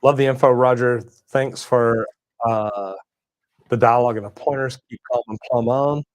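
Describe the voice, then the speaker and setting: A man's voice: medium pitch, fairly even intonation, moderate pace, no room sound, low-quality recording. A middle-aged man, hosting a casual livestream and reading chat messages in a folksy, drawling way. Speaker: plumbing channel host reading live chat.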